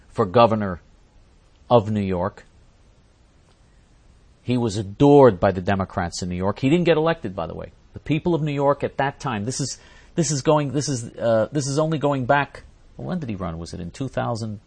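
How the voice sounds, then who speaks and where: A man hosting a talk show, reading out listener questions and ranting indignantly, repeating himself and restarting his sentences. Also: lowish voice. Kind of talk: angry ranting monologue.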